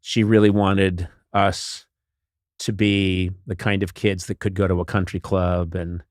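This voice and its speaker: A man chatting as a guest on a podcast, lively and self-deprecating as he tells stories from his childhood. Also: deep voice, unhurried, no room sound, clean studio sound. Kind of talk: casual chat.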